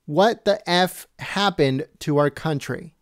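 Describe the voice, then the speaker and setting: A man reading news items aloud slowly and adding his own commentary, stumbling and correcting himself and asking viewers questions. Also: fairly high pitch, no echo, studio quality. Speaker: political commentary host.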